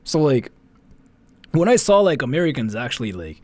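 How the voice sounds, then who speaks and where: A man's voice: medium pitch, very animated, moderate pace, darkish tone, dry recording. A man, chatting casually as a streamer in a rambling, filler-heavy way and swearing freely. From Japan. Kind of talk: casual commentary chat.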